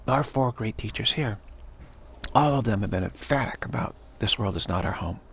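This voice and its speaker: A man's voice: on the low side, moderate pace, a bit bright, slight background noise. A man giving an emphatic spiritual talk, often repeating and restarting words. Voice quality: gravelly and husky. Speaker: spiritual teacher.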